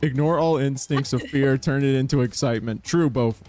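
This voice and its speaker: A man's voice: moderate pace, warm tone, faint music behind. Male streamer, playful reader, laughs often, mid-range voice. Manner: playful, giggly, jumps into high-pitched bursts. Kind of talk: reading a dating game aloud and reacting.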